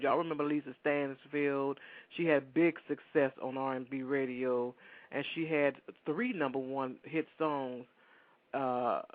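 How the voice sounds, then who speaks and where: A man's voice: mid-range voice, no room sound. Chatty male radio host, phone-line sound. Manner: rambling, chatty, addresses listeners directly. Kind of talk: casual radio talk.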